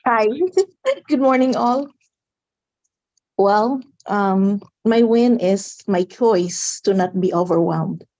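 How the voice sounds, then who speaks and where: New woman agent, mellow, slow, giggly, lo-fi call. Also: medium pitch. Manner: giggly, nervous. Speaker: new real estate agent. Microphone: video call.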